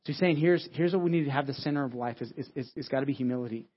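A man's voice: medium pitch, racing. A man preaching a sermon as pastor, in a conversational way, often restarting phrases and asking "right?". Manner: conversational, repeats words and restarts, frequent "right?". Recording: dull lo-fi audio.

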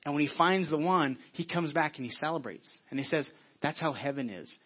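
A man's voice: a little high, a little fast, breathy edge, highs cut off. A male pastor preaching a sermon in an earnest, conversational way, repeating phrases and restarting often.

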